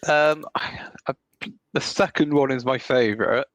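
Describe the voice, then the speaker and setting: A man's voice: medium pitch, normal speed, dry recording. A man co-hosting a casual podcast chat, who speaks in brief, hesitant interjections. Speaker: podcast co-host.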